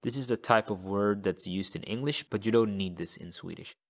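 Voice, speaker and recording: A man teaching a language lesson in a slow, deliberate way, repeating each example phrase. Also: fairly low pitch, creaky.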